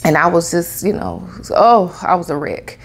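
A woman vlogger telling a personal story to camera in a casual, animated way, laughing often. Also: fairly low pitch, normal speed, breathy edge. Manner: animated, laughs a lot, Southern US slang.

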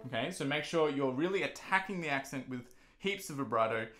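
A man's voice: medium pitch, animated, brisk, sharp tone, faint music behind. A man teaching a violin lesson, patiently explaining each step between passages he plays. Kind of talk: instrumental lesson. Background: violin playing.

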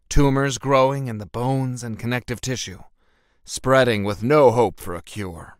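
A man narrating an audiobook with animated, dramatic storytelling. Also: mid-range voice, measured pace, no room sound, studio quality.

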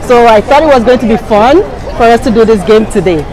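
A woman with a strong Nigerian accent hosts a casual vlog among friends, laughing and teasing as she talks. Her voice sits a little high. Diners chatter loudly around her on a restaurant patio. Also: a little fast. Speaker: vlogger host. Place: busy outdoor restaurant patio. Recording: noisy crowd around.

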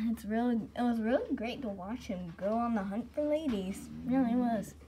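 A woman gives a casual, excitable home-tour vlog, chatting to her dogs and giggling often. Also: a little high, moderate pace, noisy background. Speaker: vlogger giving a home tour. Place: rural home, filming out the windows.

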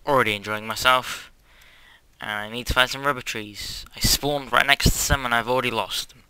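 Hyperactive young guy, very bright voice. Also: medium pitch, steady tone, fairly quick, clean tone, no room sound, poor audio. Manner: hyperactive, rambling, self-mocking, bursts of squeals. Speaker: Let's Play host. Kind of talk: casual gameplay commentary. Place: quiet house at home.

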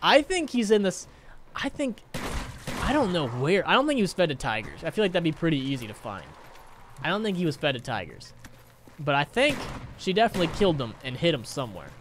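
A man's voice: fairly high pitch, sing-song, brisk, background noise. A young man chatting on a gaming livestream, rambling and swearing as he retells a sad film and reads out chat donations. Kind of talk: casual live-stream chat.

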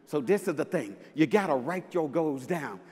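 High-voiced man, punchy stage talk. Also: lively intonation, normal speed, breathy edge, long reverb tail. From Mississippi, US. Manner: punchy and playful, bursts of loud emphasis. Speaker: basketball coach giving a talk. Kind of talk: live inspirational stage talk. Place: large festival venue with audience.

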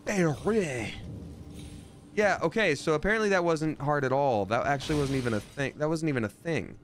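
A man's voice: on the high side, quick pace. A man casually commenting while playing a game on a live stream, chatty and jokey, reading out viewer donations. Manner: animated, jumps between mumbling and excited.

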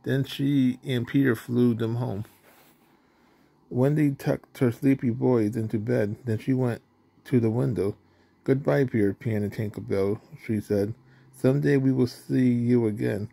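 Male storybook reader, gravelly and mellow, plain delivery with small slips. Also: medium pitch, steady tone, unhurried, dry recording. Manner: plain reading, with slips and restarts. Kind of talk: reading a children's storybook aloud.

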